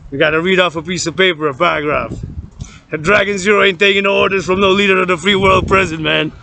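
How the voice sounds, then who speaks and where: A man from Canada giving a loud, profane, rambling rant, chanting and repeating words. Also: sits high, quick pace, creaky, slight background noise. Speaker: vlogger.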